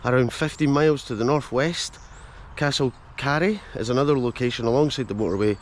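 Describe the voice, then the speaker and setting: A Scottish man of middling pitch talks into a handheld camera as he strolls through a village, chatty and quick with jokey asides. Faint traffic and outdoor ambience sit behind him. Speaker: vlogger and host. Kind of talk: casual walking vlog. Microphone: handheld camera mic.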